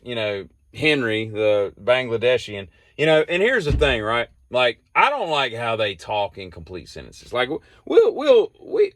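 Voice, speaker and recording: A man's voice: medium pitch, dry recording. A man telling a casual vlog story in a rambling, exasperated and sarcastic way. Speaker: vlogger.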